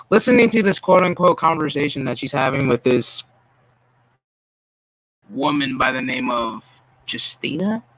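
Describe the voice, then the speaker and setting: A man's voice: mid-range voice, expressive, measured pace, long pauses, a bit bright. Profane, ranting male streamer. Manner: profane, exasperated and sarcastic; stammering restarts. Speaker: streamer host. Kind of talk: casual ranting stream commentary.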